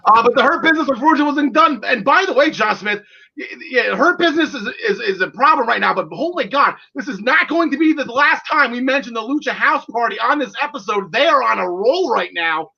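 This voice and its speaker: A man in his forties hosting a casual wrestling podcast, excitable and jokey, with lots of fillers. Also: very high voice, fairly quick, creaky, slightly rough. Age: 40s. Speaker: podcast host. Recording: lo-fi audio.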